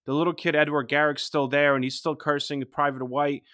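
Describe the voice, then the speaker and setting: A man's voice: on the high side, little pitch movement, fairly quick, pushed and bright, dry recording, clean studio sound. A man co-hosting a podcast, retelling events in casual storytelling and checking in with "right?" as he goes. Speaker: podcast co-host.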